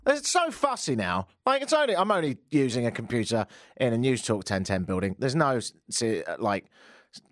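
A man hosts a talk radio show, telling comic stories and jumping into voices for the people in them. His pitch swings widely as he goes. The sound is dry and close. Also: dry recording. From England. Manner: animated, acts out voices in his anecdotes.

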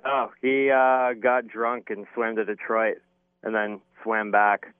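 A man from Canada calling into a radio show, speaking in a blunt, deadpan way. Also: lowish voice, slow pace, clean tone, no room sound. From Windsor, Ontario, Canada. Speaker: caller. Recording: tinny phone line.

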